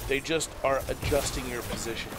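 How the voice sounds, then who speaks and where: A man's voice: medium pitch, brisk, background noise. A man doing play-by-play commentary on a college esports match, joking with his co-caster between plays. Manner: joking banter with co-caster, then steady play analysis.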